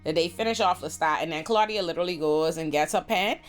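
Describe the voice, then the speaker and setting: A woman hosting a lively TV recap who jumps into the characters' voices as she retells scenes. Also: fairly low pitch, quick pace, soft background music. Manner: expressive, acts out characters' lines. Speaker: host. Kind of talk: animated TV recap.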